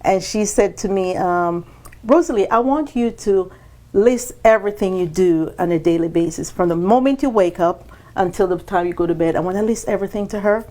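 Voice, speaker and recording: A woman guest on a business podcast, telling her story in an animated way and acting out quoted dialogue with sudden jumps in pitch. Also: brisk.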